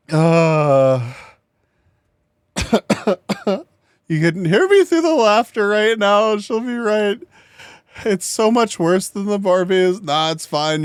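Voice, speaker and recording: A man's voice: fairly high pitch, clear, resonant tone, dry recording, clean studio sound. A man commentating casually on a live stream, laughing often and coughing between jokes. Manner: giggly, keeps laughing and joking. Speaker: streamer reacting to a video.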